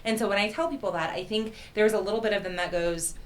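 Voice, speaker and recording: A woman speaking as a guest in a casual interview, telling stories in a candid, animated way with frank profanity. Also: mid-range voice, fast. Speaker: county party chair, guest.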